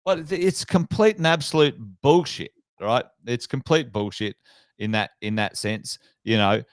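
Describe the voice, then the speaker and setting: A man's voice: mid-range voice, unhurried, no echo. An Australian man co-hosting a finance podcast, blunt and sweary, mocking officials in casual banter. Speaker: podcast co-host.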